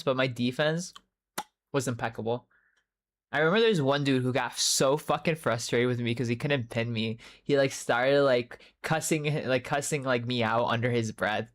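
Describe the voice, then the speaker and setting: A young man livestreaming in casual chat, rambling, swearing freely and answering viewers by name. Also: mid-range voice. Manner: rambling, loose and profane, many fillers; answers chat messages by name mid-story. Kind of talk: casual live-stream chat.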